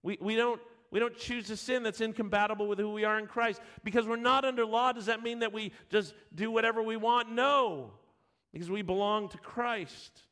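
A man's voice: high-pitched, steady tone, normal speed, bright, forceful tone. A man preaching a sermon, emphatic at points and often restarting his words. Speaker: pastor.

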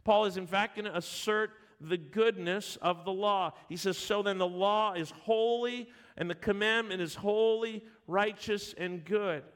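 Guy with a pretty high voice giving a sermon, gets emphatic, restarts words a lot. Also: a little slow, hardly any pauses, fairly bright tone, smooth. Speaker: pastor.

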